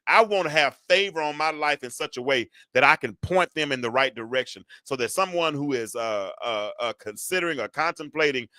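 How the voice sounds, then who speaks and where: A man preaching to his listeners, swinging from quiet reflection to loud, drawn-out exhortation. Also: mid-range voice, expressive, no room sound. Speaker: preacher and show host.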